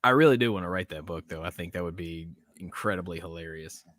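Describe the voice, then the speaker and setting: A man's voice: deep voice, quick pace, fairly bright tone, dry recording, studio quality. A man hosting a casual livestream podcast, rambling and chuckling as he talks to his chat. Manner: rambling, chuckling, self-interrupting. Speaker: podcast host.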